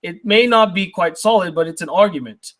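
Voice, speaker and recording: A man's voice: sits high, fairly quick, a bit bright. A young man reading out viewer mail on his channel and ranting at it, indignant and argumentative, firing rhetorical questions. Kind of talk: heated ranting commentary.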